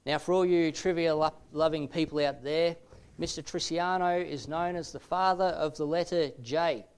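English male teacher, slightly higher voice, smooth and clear, calm explanatory delivery. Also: moderate pace. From England. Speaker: Bible teacher. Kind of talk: explanatory talk to camera.

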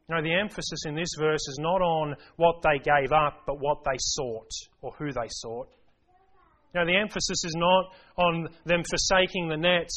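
A man's voice: on the high side, a bit bright. A man preaching a sermon, earnest and emphatic, putting rhetorical questions to his congregation.

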